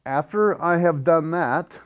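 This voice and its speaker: A man giving a casual how-to explanation in an earnest, hesitant way, with many fillers and restarts and softly chanted syllables. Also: a little high, takes it slowly, smooth, dull audio. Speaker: instructor demonstrating a build.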